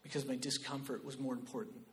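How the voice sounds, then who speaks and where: A man preaching a sermon as pastor, shifting between loud, emphatic exhortation and quiet personal storytelling. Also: mid-range voice, little pitch movement, fast talker, slight background noise.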